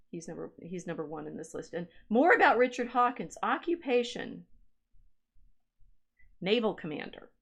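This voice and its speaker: Woman musing over family records. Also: mid-range voice. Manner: musing aloud while reading out family records. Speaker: podcast co-host and historian. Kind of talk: casual livestream chat.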